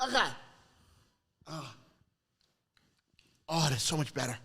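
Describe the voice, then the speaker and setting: Nursing a sore mouth after dental work, a male podcast host tells a story in casual conversation, acting out voices and laughing often. His voice is a little high, slow and husky.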